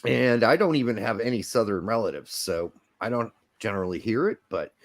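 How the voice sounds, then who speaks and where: A man's voice: on the low side, fairly quick. A young adult man co-hosting a sports podcast, talking casually in a jokey, rambling way. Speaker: podcast co-host.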